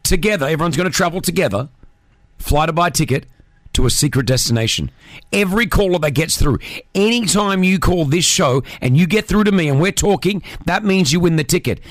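Excitable male radio host, fairly high voice. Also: fairly quick, no echo, clean studio sound. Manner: excitable, joking. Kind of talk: morning radio chat. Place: radio studio.

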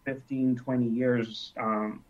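A thirtysomething man from Nigeria, guesting on a casual interview, recounts stories reflectively and performs the quoted speech. He talks slowly in a level, medium-pitched, darkish voice, and the recording is dull and lo-fi.

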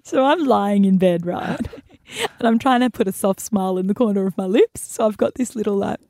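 A woman's voice: medium pitch, fairly quick, mellow, dry recording, studio quality. A young Australian woman co-hosting breakfast radio, telling stories in a bubbly, giggly way. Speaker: radio co-host.

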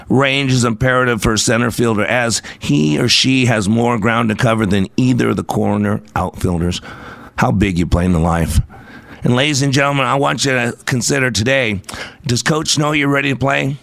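A man hosting a motivational radio show, preaching about hope and leadership with a rousing, rhythmic, preacher-like cadence. His voice sits at a middle pitch and sounds close and dry in the studio, with faint music underneath. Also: normal speed, gravelly, fairly bright tone, dry recording.

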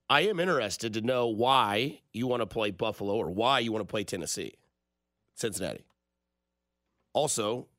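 A man's voice: on the low side, bright, forceful tone, no echo. A man hosting a sports radio show, casual and jokey, on a close studio mic. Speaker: radio host.

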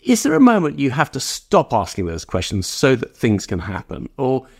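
Curious male podcast host, lively pitch. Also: moderate pace, vocal fry, breathy edge. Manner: curious, laughs often, asks long searching questions. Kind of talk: podcast interview.

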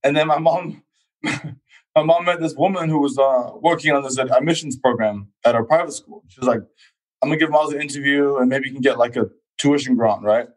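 A man's voice: mid-range voice, fairly quick, rough recording. A man from England, in his thirties, telling his life story in a casual chat and acting out quoted voices. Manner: animated, acts out quoted voices. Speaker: guest athlete.

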